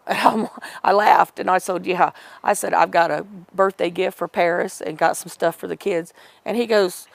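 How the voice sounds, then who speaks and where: A woman's voice: on the low side, steady tone, measured pace, creaky, no echo. A middle-aged woman telling a personal story in an interview, rambling and correcting herself as she retells old conversations.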